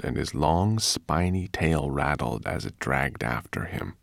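A man reading a storybook aloud with measured, expressive storytelling. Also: low-pitched, creaky, no echo, clean studio sound. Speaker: narrator. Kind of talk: audiobook narration.

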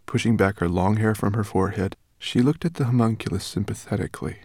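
A man's voice: fairly low pitch, quick pace, a little mellow, no room sound, clean studio sound. A man reading an audiobook as narrator, telling the story expressively. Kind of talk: scripted narration.

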